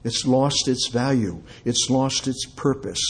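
A man's voice: medium pitch, slow pace. Impassioned male preacher, repeating phrases. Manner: repeats words, builds to loud impassioned peaks, drops to quiet. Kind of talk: sermon.

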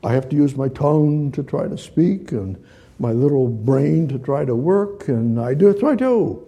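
Male preacher, sermon, very dark tone, husky, repetitive, asks questions, reads scripture. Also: medium pitch, expressive, measured pace. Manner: gestures with hands while teaching.

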